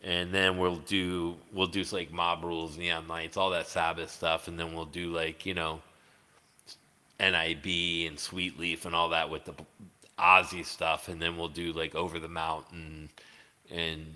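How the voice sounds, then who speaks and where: Low, sharp-voiced rambling man. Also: little pitch movement, a little slow, big-room sound. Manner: rambling, profane, many fillers. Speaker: livestreaming guitarist. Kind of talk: casual livestream chat.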